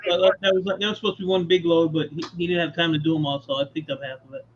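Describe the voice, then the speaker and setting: A man's voice: a little high, level tone, racing, a little hiss or hum. A man chatting casually on a live call, telling stories with easy laughs and casual swearing, over dull lo-fi audio. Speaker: guest on a live scrap chat. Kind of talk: casual storytelling chat.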